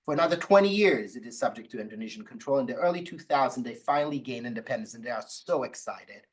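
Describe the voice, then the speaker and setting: A law professor giving an academic talk, telling stories with wry, playful asides. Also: male voice, mid-range voice, fast talker, rough recording. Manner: lively storytelling with wry asides. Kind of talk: academic lecture.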